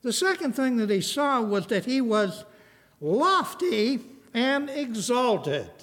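An older male pastor preaches with a high, lively voice that climbs and falls across a wide span. He takes his time, swelling loud and sinking to near whispers. A long hall reverb trails every phrase. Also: slow. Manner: animated preaching, swells loud then drops soft. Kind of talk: sermon.

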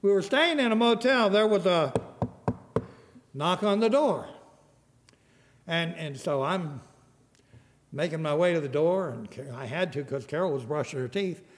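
An older man preaching a sermon, animated, rising loud and then dropping to a soft hush. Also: on the high side, measured pace, long pauses, big-room sound. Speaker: pastor.

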